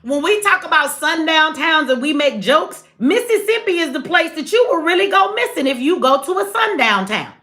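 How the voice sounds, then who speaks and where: A woman's voice: high-pitched, sing-song, normal speed, few pauses, pushed and bright. A woman hosting a casual livestream, blunt, sarcastic and profane, talking straight to her chat. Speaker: livestream host.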